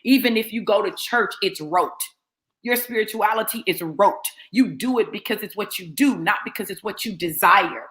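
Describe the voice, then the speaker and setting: A woman's voice: mid-range voice, normal speed, a bit bright. A woman delivers a fiery sermon. She is blunt and confrontational, driving each point home through emphatic repetition. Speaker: motivational preacher.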